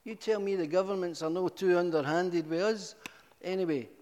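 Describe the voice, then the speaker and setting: A middle-aged man giving a humorous, animated testimony to a church, with sudden high exclamations. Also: moderate pace. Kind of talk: storytelling testimony. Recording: echoey hall.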